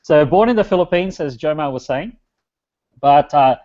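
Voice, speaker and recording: This guest speaker, a business strategist from Australia, talks casually through a webinar presentation while responding to an online chat. His voice sits a little high, expressive and dark-toned, at a normal speed, captured in dull lo-fi webinar sound.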